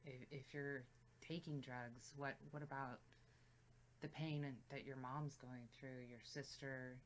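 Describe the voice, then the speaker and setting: A woman's voice: extremely low pitch, fairly even intonation, unhurried, slight background noise. A woman co-hosting a music reaction video in casual chat, thoughtful and reflective as she talks. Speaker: reaction channel co-host.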